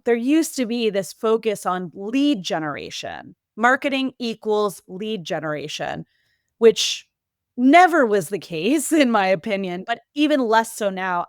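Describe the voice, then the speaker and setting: A woman with a New England accent talking casually as a podcast guest, quick and lively with many fillers and restarts. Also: mid-range voice, clear, resonant tone, no room sound, clean studio sound. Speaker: podcast guest, marketing executive. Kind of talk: casual interview talk.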